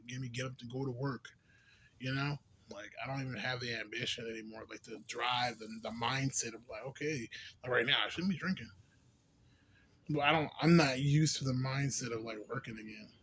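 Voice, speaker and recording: A man's voice: mid-range voice, fairly bright tone, a little hiss or hum. Tipsy man rambling casually with slang. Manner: loose, profane, filler-heavy slang talk. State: a little tipsy from beer. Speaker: vlogger. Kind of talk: casual rambling vlog monologue.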